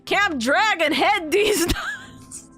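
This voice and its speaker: A woman with a stuffed nose voicing a joking Texan cowgirl in a slow, put-on drawl, calling people partner. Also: extremely high pitch, wildly swooping pitch, pushed and bright, voice pushed up, full character voice. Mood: teasing.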